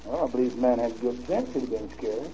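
A man preaching, telling a story in a folksy, animated way on a dull, old recording with faint hiss. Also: medium pitch, fast. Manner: folksy, animated storytelling with laughter and drawled asides. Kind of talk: storytelling sermon.

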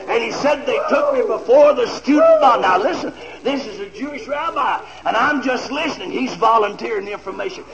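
A man preaching a fiery revival sermon, often shouting praise to a congregation. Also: very high voice, gravelly. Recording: dull lo-fi recording with crowd.

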